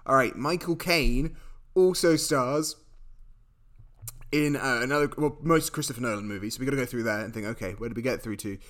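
A man's voice: mid-range voice, a little fast, fairly bright tone. A man co-hosting a casual film podcast, playful and teasing, swearing now and then. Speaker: podcast co-host.

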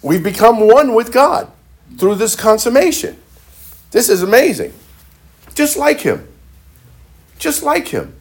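A man's voice: very high voice, sing-song, measured pace, pauses often, slightly rough. A male pastor preaching a sermon emphatically, with repeated phrases and frequent restarts.

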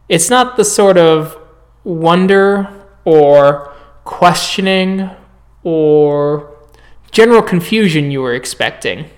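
Matter-of-fact male game master. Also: a little high. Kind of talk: narrating a tabletop game.

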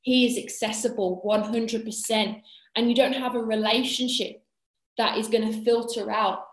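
A woman giving an earnest devotional talk to young people, often checking in with a quick "yeah?". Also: on the high side, fairly even intonation. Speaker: youth speaker. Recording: echoey room.

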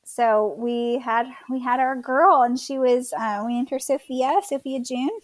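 A woman's voice: high-pitched, fairly even intonation, measured pace, no echo. A woman in her thirties from Florida casually telling her birth story as a guest, chatty with many fillers.

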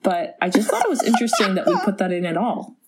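A woman's voice: medium pitch, very animated, fast, very noisy. A woman co-hosting a podcast, chatting casually with dry, amused remarks. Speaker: podcast co-host. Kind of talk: casual chat.

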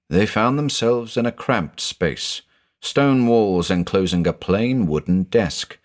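Deep-voiced male storyteller, dramatic and lively. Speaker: narrator. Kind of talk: scripted audio-drama narration.

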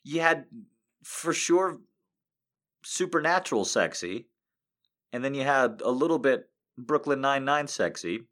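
A man hosting a live show, reading a story aloud and then chatting casually, animated and swinging between hushed and loud. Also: mid-range voice, measured pace, long pauses. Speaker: reader and live show host.

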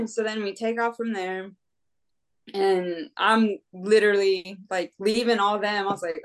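A woman's voice: mid-range voice, fairly even intonation, measured pace. A woman from the United States telling a race story in a casual, chatty way. She laughs often, leans on "like" and "right?", and acts out her own inner voice. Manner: frequent fillers like "like" and "right?". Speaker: guest, ultra-runner.

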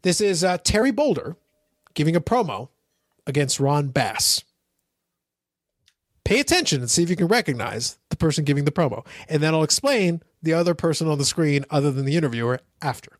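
A man hosting a podcast in casual chat, teasing and animated as he plays a clip for his co-host. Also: fairly high pitch, brisk, no room sound, clean studio sound.

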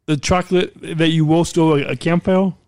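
A man's voice: a little high, steady tone, fairly quick, a little mellow, smooth, dry recording. A man co-hosting a podcast in casual chat, playful and teasing, often cutting in. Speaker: podcast co-host. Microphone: studio mic.

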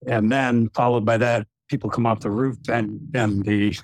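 A man, a retired general, telling a long anecdote with frequent chuckles in a relaxed podcast chat. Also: mid-range voice, moderate pace, no echo. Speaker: retired general, former wing commander.

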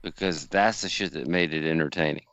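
A man's voice: very deep voice, brisk, a bit bright, no echo. A man co-hosting a casual podcast, wry and joking with strong opinions. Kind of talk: casual chat.

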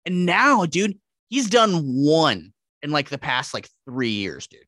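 A man telling animated, profanity-laced stories as a podcast guest in casual chat. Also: a little high, unhurried, no room sound, clean studio sound. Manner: profane, animated, acts out quotes.

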